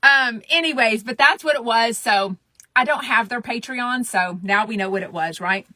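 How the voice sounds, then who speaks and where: A chatty woman hosting a gossip show, blunt and a little profane. Her voice is bright and sits on the high side. The sound is close and dry. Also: normal speed, no echo. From Texas. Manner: chatty, blunt, profane, drops into a whisper for secrets. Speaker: podcast host. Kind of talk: casual gossip chat.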